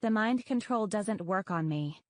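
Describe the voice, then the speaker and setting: A woman's voice: medium pitch, animated, unhurried, no room sound, clean studio sound, close to an everyday voice. A woman voicing an earnest young female dragon who speaks in a pleading, reassuring way, in a storybook reading.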